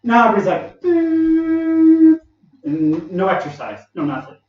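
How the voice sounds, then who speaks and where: Guy rambling thru old work stories, laughs a lot, kinda high voice, echoey and far off the mic. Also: lively intonation, fast talker, dull audio, faint music behind. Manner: laughs often while talking, acts out quoted people. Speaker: vlogger telling work stories. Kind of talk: rambling casual storytelling.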